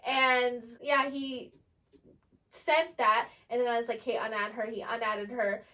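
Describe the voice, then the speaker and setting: A woman's voice: a little high, fairly even intonation, a little slow, sharp tone. A young woman telling a personal story in casual chat, candid and rambling, with frequent "like" and free swearing. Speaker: storyteller getting lashes done.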